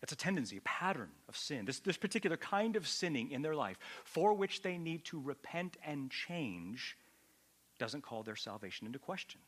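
A man preaching a teaching sermon, emphatic, rising to loud peaks on key points and putting questions to his listeners. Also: on the high side, very animated, normal speed. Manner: addresses listeners directly with questions. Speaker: pastor.

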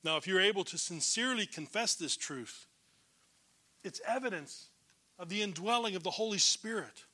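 A man preaching a sermon as a pastor, emphatic, swinging between loud declarations and hushed low lines. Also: lively intonation, normal speed.

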